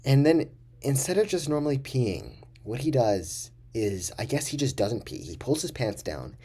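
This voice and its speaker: A man's voice: mid-range voice, sing-song, moderate pace, warm tone, husky. A young man telling a rambling, profane story casually to camera as a vlogger.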